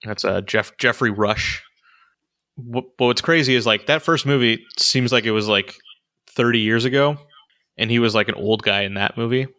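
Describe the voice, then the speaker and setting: A man's voice: medium pitch, moderate pace, sharp tone. A man co-hosting a casual movie chat, rambling with lots of fillers and restarts. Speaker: podcast co-host reviewing movies.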